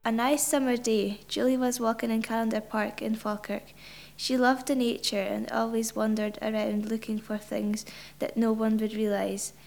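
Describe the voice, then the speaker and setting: A woman's voice: on the high side, little pitch movement, moderate pace, creaky, a little mellow, faint music behind. A woman reading a short story aloud, hesitant, with ums and repeated words. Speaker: story reader.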